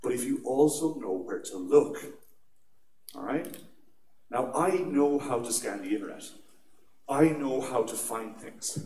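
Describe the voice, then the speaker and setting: A man's voice: medium pitch, expressive, measured pace, long pauses, warm tone, a little hiss or hum. A man with an Irish accent giving a conference talk on security, telling chatty personal anecdotes and laughing at his own stories. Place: large atrium at a conference. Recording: echoey hall picked up from a distance.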